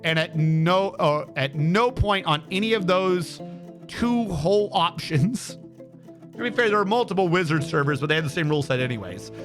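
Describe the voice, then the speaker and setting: A man telling a story on a casual live stream, animated and swearing freely, acting out what others said. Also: on the high side, moderate pace, over music.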